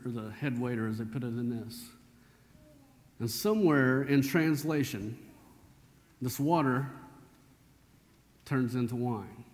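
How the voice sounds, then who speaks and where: Folksy pastor in a hall. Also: male voice, mid-range voice, steady tone, measured pace, pauses often, darkish tone. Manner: folksy, conversational storytelling with colloquial grammar. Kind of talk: sermon. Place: church sanctuary. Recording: church hall reverb.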